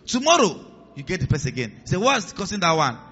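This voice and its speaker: Male pastor, bright animated preaching voice, slightly muffled recording. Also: high-pitched, brisk, faint music behind. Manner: animated preaching, acts out voices in the stories, drops to a hiss for commands. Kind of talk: sermon. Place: church hall with a congregation.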